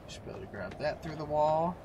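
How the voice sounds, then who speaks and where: A man giving casual let's-play commentary, quietly muttering to himself as he builds and crafts. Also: a little high, animated, quick pace, background noise. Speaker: gameplay commentator.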